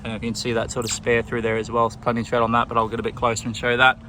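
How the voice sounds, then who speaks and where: A man with an Australian accent, a car salesman giving a relaxed walkaround tour of a vehicle, pointing out features as he goes. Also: mid-range voice, rapid-fire, a little hiss or hum. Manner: relaxed, plain-spoken, pointing things out as he goes. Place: outdoors around a car, then inside it.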